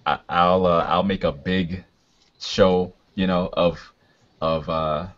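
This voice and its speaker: A man with a very deep voice plays a tabletop role-playing game, talking haltingly with many fillers. The recording is muffled and lo-fi. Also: little pitch movement, fairly bright tone. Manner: halting, full of fillers, laughing often. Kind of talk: casual tabletop role-play. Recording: dull lo-fi recording.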